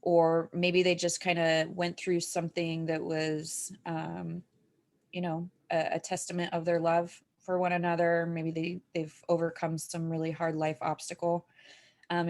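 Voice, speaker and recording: A woman's voice: fairly low pitch, monotone, a little slow, a little mellow. A woman co-hosting a moms' group update in casual chat, talking with lots of fillers and easy laughter. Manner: chatty, with filler words and frequent laughter.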